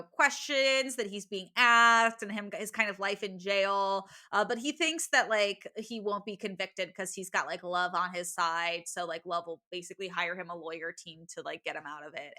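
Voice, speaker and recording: Young woman podcast cohost, bright, bouncy pitch, super chatty with lots of likes. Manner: bubbly, chatty, many fillers. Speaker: podcast co-host. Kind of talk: casual book-recap chat.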